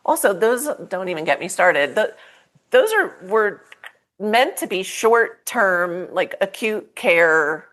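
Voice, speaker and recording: A woman's voice: medium pitch, big pitch swings, slow, a bit bright. A woman hosting a coaching podcast, talking thoughtfully with frequent restarts and the odd emphatic burst. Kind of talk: conversational interview.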